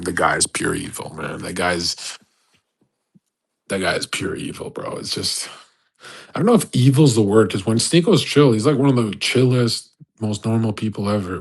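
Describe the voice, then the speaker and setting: A man's voice: on the low side, moderate pace, gravelly, slightly rough. A young man ranting casually on a live audio chat, brash and profane, laughing often. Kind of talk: casual rant.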